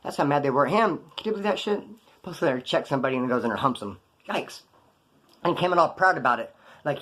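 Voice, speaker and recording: A man telling prison stories in a rapid, slangy monologue, acting out the voices of the people in them. He is from Kern County, California. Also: a little high, lively intonation, a bit bright. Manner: rapid, slangy, quotes others in put-on voices. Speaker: prison storyteller vlogger. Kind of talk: fast casual storytelling monologue.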